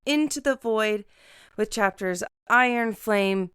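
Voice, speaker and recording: A woman's voice: mid-range voice, slow, a bit bright, clear, resonant tone, no room sound, studio quality. A woman co-hosting a podcast in casual chat, giggly, swearing freely and joking at her own expense. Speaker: podcast co-host.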